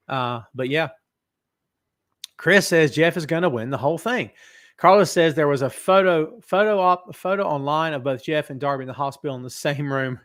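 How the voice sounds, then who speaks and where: A man with a mid-range, fairly bright voice hosts a live wrestling talk show over a podcast microphone in his office. Between jokes, he reads out comments from the viewers watching his stream.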